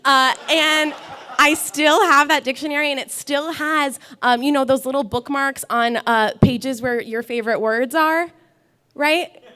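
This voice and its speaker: A woman's voice: high voice, fairly even intonation, unhurried, sharp tone. A woman telling a personal story on a live stage, chatty and laughing often as she acts out what people said. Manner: chatty, laughs through her lines, acts out quotes.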